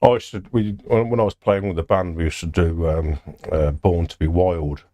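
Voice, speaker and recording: A man's voice: sits low, fairly even intonation, normal speed, dark tone, no echo. An older man chatting casually on a livestream from his home studio, rambling and drifting off topic as he talks. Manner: rambling, easily sidetracked, swears casually. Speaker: music producer streaming a session.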